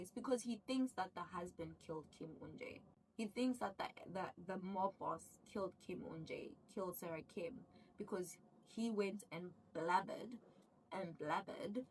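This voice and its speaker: A woman vlogger recapping a TV series in casual chat with viewers, excitable, often repeating herself and stumbling over words. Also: medium pitch, unhurried, recorded from a distance, a little hiss or hum, low-quality recording.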